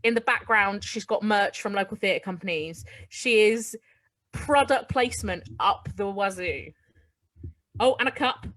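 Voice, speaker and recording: A woman's voice: medium pitch, a little slow, a bit bright. A woman co-hosting a casual live-stream chat, telling stories and acting out what people said. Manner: chatty storyteller who acts out quotes. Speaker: podcast co-host and theatre workshop leader.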